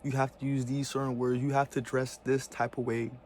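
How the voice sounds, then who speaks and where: In a medium-pitched, darkish voice with little pitch movement, a male vlogger rants a little fast over slight background noise. It's heated and casual, loaded with profane slang and repeated fillers such as "bro" and "you know what I'm saying."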